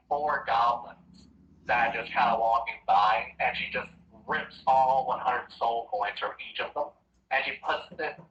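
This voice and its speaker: A man's voice: mid-range voice, a little hiss or hum. A man narrating as dungeon master, rambling and correcting himself as he goes. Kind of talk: narrating a tabletop game. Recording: roomy, dull, distant mic.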